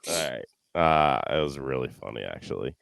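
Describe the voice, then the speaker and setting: A man guest on a podcast, telling a story in an animated, laughing way. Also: a bass voice, moderate pace, creaky, no echo. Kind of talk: casual storytelling.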